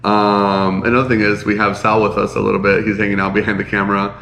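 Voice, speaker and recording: Male podcast co-host, congested and nasal, low gravelly voice, rambling chat in an echoey room. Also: level tone, fast, fairly bright tone. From Chicago area. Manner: rambling, many fillers. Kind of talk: casual chat.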